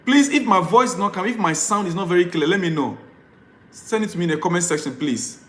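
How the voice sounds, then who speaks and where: A man's voice: high-pitched, animated, fast talker, fairly bright tone, roomy sound. A man live-streaming as a football fan vlogger, ranting and pleading, repeating himself in exasperation.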